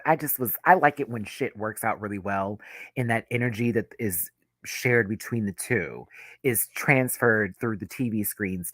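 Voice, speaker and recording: A man gives a live, gossipy reaction review of a drag reality show, chatting casually with sassy asides and lots of laughter. His lowish voice is pushed and bright, recorded clean in a studio with no room sound.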